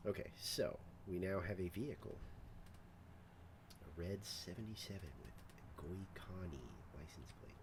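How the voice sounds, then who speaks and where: A man's voice: deep voice, slow, long pauses. A man streaming a game, talking casually to himself and laughing as he plays. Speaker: gaming streamer. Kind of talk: casual gameplay commentary. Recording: rain noise behind.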